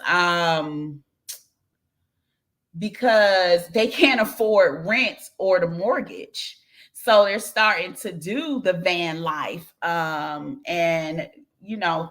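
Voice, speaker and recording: Animated bright-voiced woman chatting casually. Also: on the low side. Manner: animated, playful, teasing, laughs often, says "girl" and "y'all". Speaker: host reading live chat. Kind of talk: casual livestream chat.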